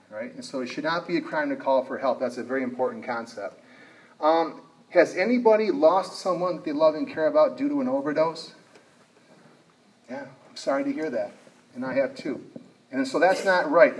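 A man tells a personal story to a live audience, stopping often to ask the room questions. His voice sits a little high for a man. The mic is some way off, so he sounds distant. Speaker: speaker on addiction. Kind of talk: motivational talk to an audience.

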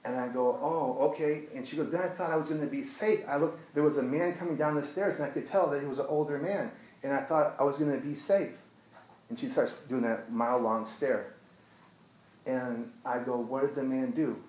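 Speaking at a normal speed with medium pitch and fairly even intonation, this man is an addiction therapist recounting a client's story to listeners. He sounds earnest, dropping to a hushed tone for the retelling, and the audio is poor and roomy.

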